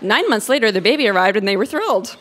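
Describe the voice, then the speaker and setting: A woman's voice: mid-range voice, sing-song, quick pace, heavy background noise. A woman reads aloud from a melodramatic romance she wrote as a teen, treating it as comedy. Her narration carries a wry, amused tone, and she drops playful asides between passages. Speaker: reader of her own teenage writing. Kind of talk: comic live reading of a novel.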